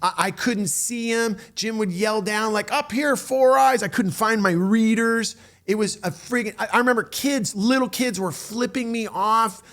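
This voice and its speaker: A middle-aged man telling a story in a casual, animated way, with many restarts and acted-out quotes. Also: high-pitched, moderate pace. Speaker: storyteller recounting a tour.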